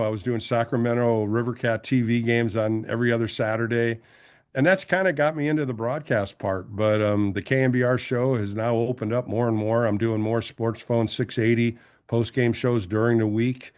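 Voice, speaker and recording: A man's voice: mid-range voice, normal speed, smooth. A man in his sixties, a former ballplayer turned broadcaster, telling stories as a guest in a casual interview and acting out the voices of the people he quotes. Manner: animated storyteller who acts out quoted voices.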